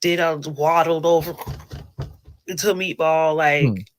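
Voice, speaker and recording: A woman's voice: low-pitched, fairly even intonation, slow. A woman in a clip from a reality show, ranting in a fiery, cursing, mocking way. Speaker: reality show cast member. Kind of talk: heated confessional rant.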